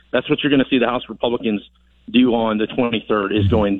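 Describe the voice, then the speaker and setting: A congressman calls in as a phone guest on a radio interview, his voice coming through a thin, tinny line with no room sound or echo. He answers quickly and emphatically with rallying conviction, repeating words to hammer his points, in an ordinary mid-range pitch.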